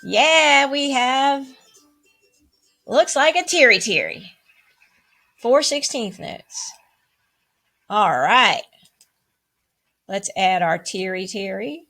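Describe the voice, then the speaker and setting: Woman music teacher, upbeat and playful; talks slowly with a lively, bouncy pitch and chants rhythms for kids. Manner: bubbly and playful, with high whoops and cheers; chants rhythm syllables and counts. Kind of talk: online music lesson for children.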